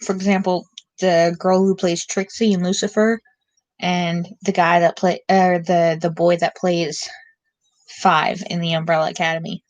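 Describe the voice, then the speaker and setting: Slow, rambling young woman streamer. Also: fairly low pitch, level tone, no echo, low-quality recording. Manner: rambling, musing, with filler words. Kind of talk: casual late-night stream chat.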